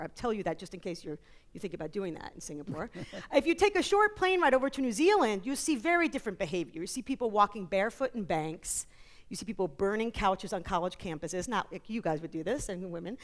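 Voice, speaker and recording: Speaking at a middle pitch, a woman guest who is an author and psychologist tells animated stories peppered with quick jokes and asides. She's from New York, USA, and the setting is a conference interview talk on a stage.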